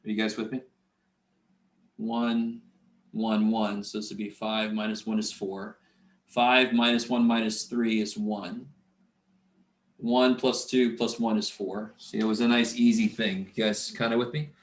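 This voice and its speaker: A man's voice: on the low side, little pitch movement, unhurried, roomy sound. A man teaching a math lecture, talking himself through the arithmetic and muttering curses under his breath. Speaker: math instructor. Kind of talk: recorded classroom lecture.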